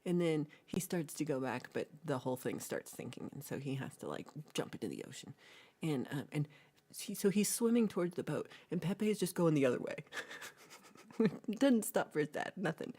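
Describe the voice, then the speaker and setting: A woman's voice: low voice, warm tone, slightly rough. A woman hosting a livestream, chatting casually and retelling a film in a rambling, playful way with asides. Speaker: livestream host.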